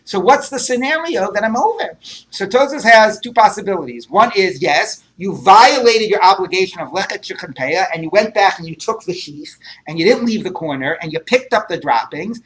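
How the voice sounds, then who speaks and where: A man's voice: high voice, fairly bright tone. A man teaching a Talmud class, working through texts aloud with many rhetorical questions and fillers.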